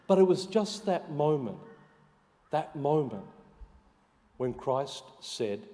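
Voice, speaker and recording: A man, a parish priest giving a homily, telling stories and dropping to soft hushed emphasis. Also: a little high, a little slow, long pauses. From Australia. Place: church. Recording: long church reverb.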